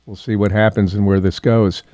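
An older man hosting a local radio talk show, rambling in a folksy way with ums and frequent throat clearing. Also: on the low side, little pitch movement, moderate pace, warm tone, no echo. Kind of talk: casual talk radio monologue. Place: radio studio.

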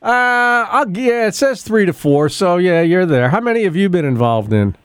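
A man's voice: high voice, sing-song, normal speed, smooth, no echo, studio quality. A middle-aged man hosting a local radio show, chatting casually, often chuckling and losing his place in his notes. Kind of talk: casual morning radio talk. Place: radio studio.

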